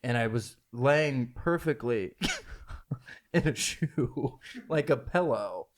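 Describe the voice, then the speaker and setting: A young man at a mid-range pitch, chatting on a podcast. He laughs as he tells funny stories and mimics the people in them. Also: expressive, takes it slowly, slight background noise. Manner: laughs through stories, acts out quoted voices. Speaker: podcast host. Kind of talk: casual storytelling chat.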